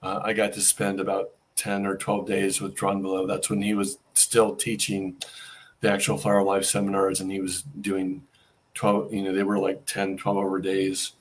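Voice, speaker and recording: Middle-aged guy, lowish voice, telling a story on an interview, acts out all the quotes. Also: moderate pace, a little hiss or hum. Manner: animated storyteller acting out quoted dialogue. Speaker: guest.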